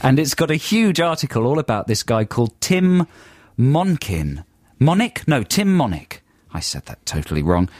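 A man's voice: medium pitch, very animated, normal speed, darkish tone, no room sound, studio quality. A man co-hosting a radio show, chatting playfully and jokingly with his partner about films and listener projects. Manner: playful, chatty, jokey asides. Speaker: radio co-host. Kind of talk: casual radio banter.

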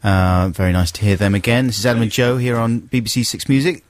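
A man's voice: lowish voice, fast. A man hosting a radio show, chatting in a playful, teasing way in a studio. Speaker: radio host. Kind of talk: casual radio banter. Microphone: studio mic.

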